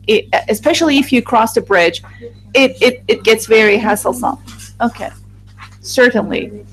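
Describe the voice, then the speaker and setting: Halting woman interpreting a group discussion. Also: a little high, low-quality recording. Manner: halting, with restarts and fillers. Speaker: voice-over interpreter for a focus group. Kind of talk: live interpreting voice-over.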